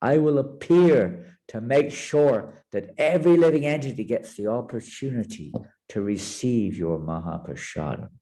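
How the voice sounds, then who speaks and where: A man voicing a calm, soothing male supreme deity who raises his voice in appeals to calm down. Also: mid-range voice, a little slow, lightly acted.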